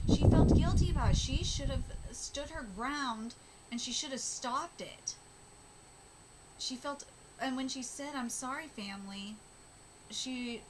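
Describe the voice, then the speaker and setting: A woman hosting a live manga reaction, rambling, emotional and repeating herself, over loud background noise. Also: sits high.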